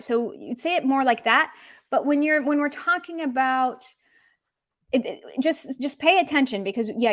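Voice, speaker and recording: A chatty woman with a fairly high voice gives a relaxed live language lesson. She explains grammar in a loose, conversational way and slips easily between English and Russian phrases.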